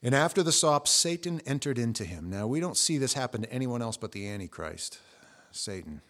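A middle-aged man preaching a sermon, telling the story with lively, acted-out quotes. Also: a little fast. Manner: animated storytelling, acting out quotes with jumps in pitch and volume. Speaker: pastor.

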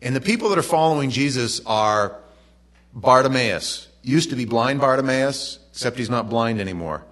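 A middle-aged man preaching a sermon, telling the story in a relaxed, conversational way with lively asides to the congregation. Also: mid-range voice, moderate pace. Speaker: pastor.

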